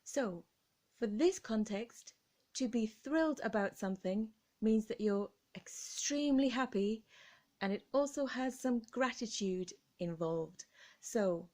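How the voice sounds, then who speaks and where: A woman with an English accent teaching pronunciation in a slow, carefully enunciated style with encouraging words. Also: on the high side, animated, darkish tone. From England. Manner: careful, deliberate articulation with encouraging tone. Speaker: English teacher and vocal coach.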